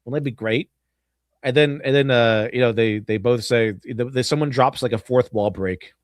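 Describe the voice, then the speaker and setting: A man hosting a casual podcast, rambling through his points with lots of restarts and chuckles. His voice sits at an ordinary middle pitch. The sound is dry and close, with no room around it. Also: moderate pace, no room sound. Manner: rambling, laughs often, many restarts. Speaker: podcast host. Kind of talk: casual chat.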